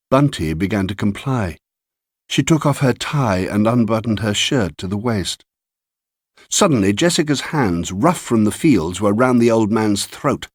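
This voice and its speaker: A man narrating a literary short story in a measured, unhurried way. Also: fairly low pitch, no room sound, studio quality. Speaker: audiobook narrator.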